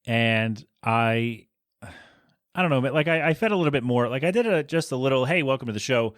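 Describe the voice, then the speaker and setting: Man, podcast host, casual solo chat, rambling, blunt opinions, medium pitch. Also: animated, moderate pace, fairly bright tone, no echo, clean studio sound. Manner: rambling, restarts often, frank opinions.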